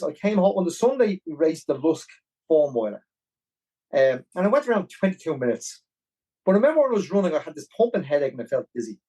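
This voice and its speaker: A fast-talking man with a Dublin Irish accent tells his story in a casual, rambling way. His voice is fairly high and husky, and it swoops up and down constantly. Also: poor audio. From Ireland. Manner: animated, rambling, with many restarts. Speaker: podcast guest, marathon runner.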